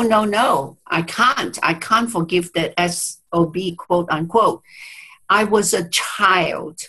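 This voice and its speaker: A woman's voice: lowish voice, a bit bright, husky, poor audio. A woman therapist telling a client story in an interview, speaking reflectively, with hesitant restarts and quoted dialogue, over a video call. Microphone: video call mic.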